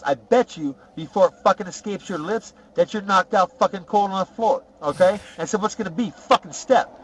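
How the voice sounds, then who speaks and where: A man's voice: a little high, a bit bright, highs cut off. A podcast host voicing a boastful, profane male ex-convict who rambles through tough prison stories in a comic character monologue. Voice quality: rough, profane, rambling storyteller.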